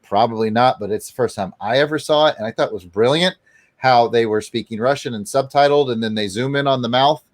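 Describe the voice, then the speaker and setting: A man's voice: medium pitch, a little fast, dry recording. A man who is a guest on a podcast, enthusiastic and opinionated in a casual movie chat.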